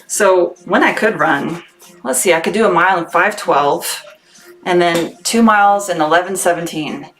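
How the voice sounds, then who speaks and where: A woman's voice: fairly low pitch, moderate pace, a bit bright, low-quality recording. Chatty laughing woman livestream host. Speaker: livestream host packing orders. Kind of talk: casual livestream chat.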